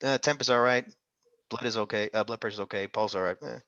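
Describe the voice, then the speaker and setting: A man's voice: lowish voice, quick pace, bright, forceful tone, no room sound, dull audio. A man tutoring an interactive online medical exam class, upbeat and coaxing, calling on students by name.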